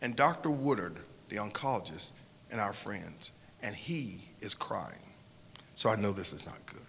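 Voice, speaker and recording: A man with a Southern US accent telling a personal story to an audience in an earnest way, often repeating and restarting phrases, moving between hushed and loud. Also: on the low side, animated, measured pace, gravelly, long reverb tail, slight background noise. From Southern United States.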